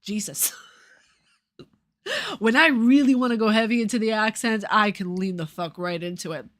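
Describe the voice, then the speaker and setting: A woman's voice: mid-range voice, steady tone, fairly quick, no echo, clean studio sound. A young woman with a New York accent chatting casually on a livestream, rambling, swearing freely and laughing often. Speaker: YouTuber reading live chat.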